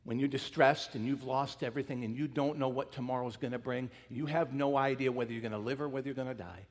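A man preaching a sermon, retelling a story with acted quotes and dropping from loud emphasis to near-whispers. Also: medium pitch, steady tone, fast talker, big-room sound. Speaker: pastor.

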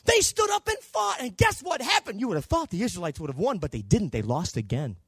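A man preaching a sermon in a church, swinging between loud shouting and quieter low passages. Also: sing-song, brisk, breathy edge, no room sound, studio quality. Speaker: pastor.

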